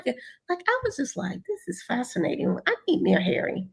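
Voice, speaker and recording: Gravelly-voiced woman co-host, blunt. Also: sits high, huge pitch swings, moderate pace. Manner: blunt, acts out characters' lines. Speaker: co-host of show review podcast. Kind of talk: casual chat review.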